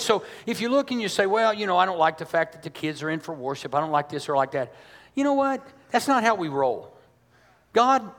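High-voiced pastor preaching in a hall. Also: male voice, fairly bright tone. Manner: emphatic, conversational preaching with rhetorical questions. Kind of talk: sermon. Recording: long hall reverb.

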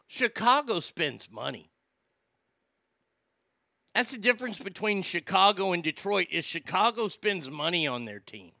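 A man's voice: high-pitched, gravelly, sharp tone, no room sound, clean studio sound. A man ranting casually about weekend football scores, brash and sarcastic, swearing freely. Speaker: sports talk host. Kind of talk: casual sports rant.

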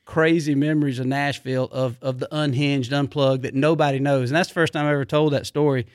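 A man who hosts a hunting show, a guest on a podcast, telling a story in an excitable, animated way. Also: mid-range voice, brisk, no echo, studio quality. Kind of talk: casual storytelling.

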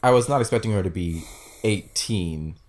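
A man with a low-pitched voice joins a casual podcast chat. His delivery is halting, and he repeats words while he works out what to say. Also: animated. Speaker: podcast co-host.

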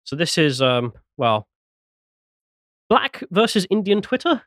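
A man's voice: a little high, sing-song, slow pace, fairly bright tone, dry recording, clean studio sound. A man hosting a casual podcast chat, laughing often and reading posts aloud. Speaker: podcast host.

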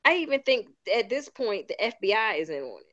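Animated Baltimore woman, muffled audio. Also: on the high side. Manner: animated, incredulous, quick asides. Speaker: podcast co-host. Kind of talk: casual chat.

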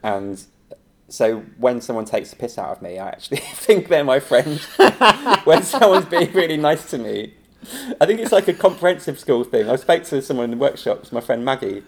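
At a moderate pace and in a mid-range voice, a man who teaches improv shares stories as a guest in a casual chat. He's an animated storyteller who laughs a lot and acts out quotations.

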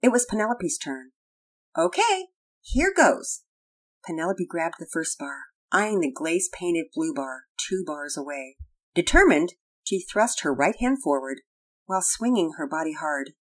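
A woman reading a children's story aloud with expressive, plain storytelling. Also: deep voice, normal speed, rough recording. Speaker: narrator.

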